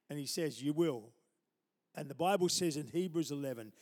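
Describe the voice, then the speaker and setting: A male pastor with a voice pitched a little high delivers a sermon, mixing humorous personal anecdotes and little laughs with surges of loud, emphatic preaching. His words ring out with a long tail of reverb from a large church hall. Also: lively intonation, moderate pace. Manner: storytelling with chuckles, building to loud emphatic preaching.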